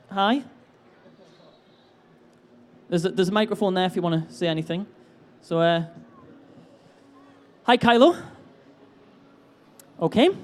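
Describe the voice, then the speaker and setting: A man hosting a live convention stage game, teasing contestants with upbeat, jokey banter. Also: very high voice.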